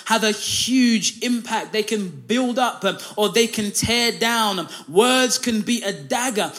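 A male pastor with a notably high voice delivers a sermon to a live congregation in a church. He preaches in a conversational way, breaking up his points with "uh" and "listen.". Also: a bit bright.

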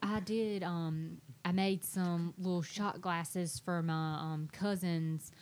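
A woman, co-hosting a podcast, who chats in a lively way and acts out her kids' and husband's lines. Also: fairly low pitch, slow. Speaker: podcast co-host. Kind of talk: casual chat.

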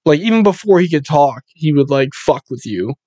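High-voiced young man telling animated stories. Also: normal speed, no echo. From Buffalo area, US. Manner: animated storyteller, swears often, acts out quoted voices in a high pitch. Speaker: podcast host. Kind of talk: casual storytelling chat.

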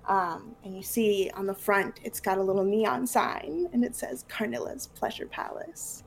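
A woman's voice: medium pitch, unhurried, vocal fry. A woman narrating as game master in a loose, casual way with many fillers.

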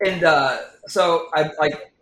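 A man tells a story in casual chat, swearing freely and acting out every quote. His voice sits high and bright. The recording is echoey, as if in a bare room. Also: takes it slowly. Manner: animated, profane, acts out quotes. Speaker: guest.

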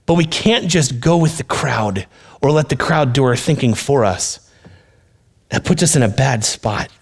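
A man's voice: mid-range voice, expressive, a little slow, breathy edge. A male pastor with a mid-range voice delivers a sermon in a plain, conversational way. He speaks earnestly and addresses his listeners directly, retelling a story and drawing out its lesson.

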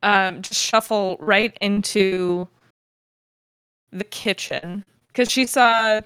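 A woman's voice: mid-range voice, steady tone, slow, fairly bright tone, clear, resonant tone, dry recording. A woman playing a tabletop role-playing game, describing what her character does in a hesitant way with fillers. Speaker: player.

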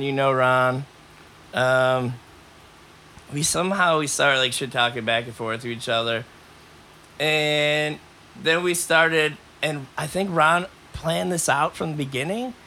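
A man hosting a podcast who tells a long, rambling story in a casual, animated way and coughs between lines. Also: on the high side, a little hiss or hum. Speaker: podcast host.

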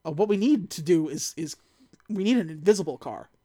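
A woman's voice: lowish voice, expressive, fairly quick, dark tone. A woman co-hosting a casual podcast, recapping a movie and acting out its lines in mock voices. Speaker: podcast co-host.

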